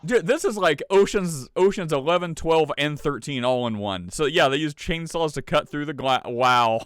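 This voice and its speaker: Lively sarcastic male podcast host. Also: a little high, measured pace, clear, resonant tone, no echo, studio quality. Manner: sarcastic, laughs often, animated asides. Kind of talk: casual podcast chat.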